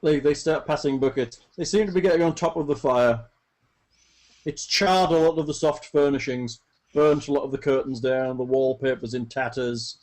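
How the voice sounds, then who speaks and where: A man running a tabletop game as game master, narrating events in a brisk, matter-of-fact way over online voice chat. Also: medium pitch, darkish tone.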